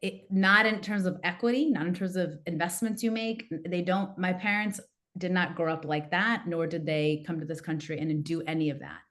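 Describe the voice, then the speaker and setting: A woman, a coach and podcast guest, telling a personal story in a lively way and acting out what her family said. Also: on the low side, normal speed. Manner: animated, acts out quoted family members. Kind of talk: casual interview storytelling.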